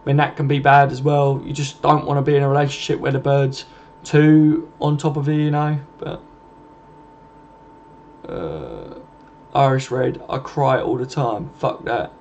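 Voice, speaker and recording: Gravelly matey southern English man. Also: medium pitch, expressive, unhurried, long pauses, darkish tone, muffled recording, slight background noise. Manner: rambling and matey, keeps adding "and that" and "mate". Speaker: live-stream channel host. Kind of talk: casual live-stream chat reading comments.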